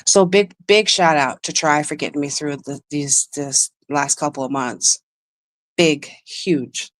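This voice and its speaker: A woman with a deep, low voice hosts a casual livestream and opens up about personal matters. Her talk rambles with emotion, and she keeps breaking off to greet chat viewers. The sound is dry and close. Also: unhurried, no room sound. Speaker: livestream host.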